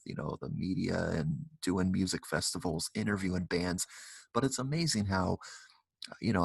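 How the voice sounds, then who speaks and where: Male host, deep and husky, loose rambling interview delivery, dry room sound. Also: dry recording. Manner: rambling, many "you know" fillers. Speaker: talk show host. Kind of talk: casual interview.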